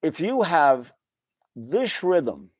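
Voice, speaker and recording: A man's voice: fairly high pitch, very animated, drawn-out words. A male piano teacher giving a casual lesson, calling notes "guys" in a folksy way and singing the rhythms aloud with syllables.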